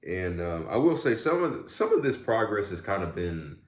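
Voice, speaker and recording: A man's voice: sits low, big pitch swings, moderate pace, echoey room. A young man vlogging in a casual, rambling way while eating, often saying "man" and "y'all". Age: young adult. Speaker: YouTube vlogger. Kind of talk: casual mukbang chat.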